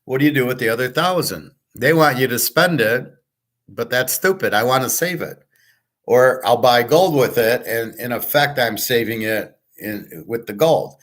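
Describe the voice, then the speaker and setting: A man's voice: medium pitch, expressive, normal speed, a bit bright. A middle-aged man hosting his own show, talking casually in a blunt, digressive way and swearing often. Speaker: host. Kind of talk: casual rambling talk.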